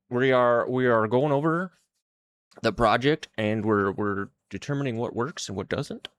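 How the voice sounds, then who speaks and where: A man's voice: medium pitch, a little slow, gravelly, dry recording. A man streaming his indie game development, chatting to viewers in a hyped-up, rambling way. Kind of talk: casual livestream chat.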